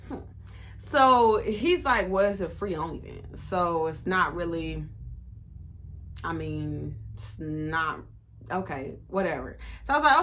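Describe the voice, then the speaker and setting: A young woman in her twenties tells a personal story straight to her viewers. Her voice is bright and forceful, and she delivers it in an animated, sassy way, jumping in and out of quoted dialogue. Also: mid-range voice, normal speed. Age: 20s. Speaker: vlogger. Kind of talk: storytime vlog.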